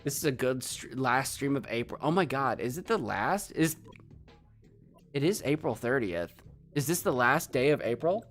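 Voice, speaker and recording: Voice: mid-range voice, animated, normal speed, soft background music. A streamer giving playful, rambling commentary while playing a video game live and talking to chat.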